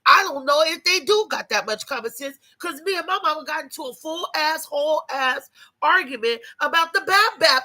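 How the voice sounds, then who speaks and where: A woman with a high, bright, sharp voice rants to her camera as a vlogger. She talks off the cuff, swearing freely and running heated, with many restarts and repeated words. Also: lively intonation, moderate pace. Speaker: YouTube vlogger.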